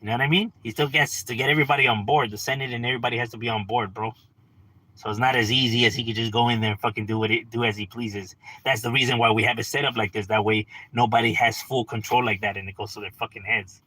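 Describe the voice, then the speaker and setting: A man's voice: medium pitch, fairly even intonation, fast talker, sharp tone, breathy edge, no room sound, low-quality recording. A young adult man ranting bluntly and profanely on a livestream, tossing out rhetorical questions. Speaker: livestream host.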